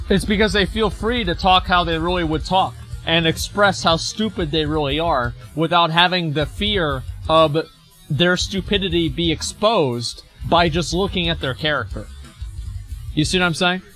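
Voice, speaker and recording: A man's voice: fairly high pitch, normal speed, pushed and bright, soft background music. A man streaming as he reads forum posts aloud and reacts to them, blunt, mocking and profane.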